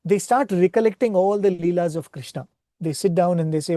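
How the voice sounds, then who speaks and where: Man, spiritual retreat speaker, devotional storytelling, earnest, warm voice, dry sound. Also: sits high, fairly quick, dry recording. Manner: earnest, retells scripture stories, often asks "right?".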